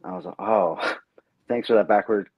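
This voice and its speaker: A man chatting as a podcast guest, telling stories with lively acted-out quotes. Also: on the low side, a little slow, husky, no room sound, lo-fi sound. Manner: animated storyteller, acts out quotes. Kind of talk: casual podcast chat.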